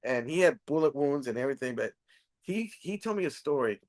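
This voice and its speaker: Speaking a little fast in a medium-pitched voice, a middle-aged man from Texas hosts a casual chat as a comedian. He recounts family stories with laughter and animation, performing the quoted lines in different voices.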